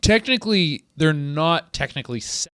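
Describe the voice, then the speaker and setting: A man co-hosting a podcast, telling stories in an animated, joking way. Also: a little high, moderate pace, smooth, dry recording. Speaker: podcast co-host. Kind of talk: casual chat.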